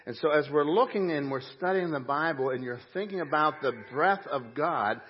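This pastor's voice sits fairly high and moves at an ordinary speed, with slight background noise behind it. Preaching in the church sanctuary, he stays emphatic, drops folksy asides, and breathes in audible huffs, all captured on dull, muffled audio.

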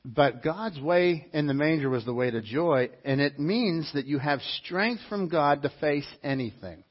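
Male pastor, sermon, husky and slightly high, animated with repeated lines, dull lo-fi recording. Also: unhurried. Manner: animated preaching with mimicked voices and repetition. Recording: dull lo-fi sound.

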